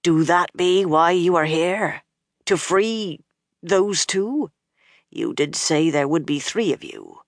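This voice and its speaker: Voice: medium pitch, animated, takes it slowly, dry recording, studio quality. A narrator doing a shaken old-fashioned sea captain. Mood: wary. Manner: old-fashioned country dialect with "did" forms; shaken and rueful. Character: gruff male sea captain, scared, speaking old dialect.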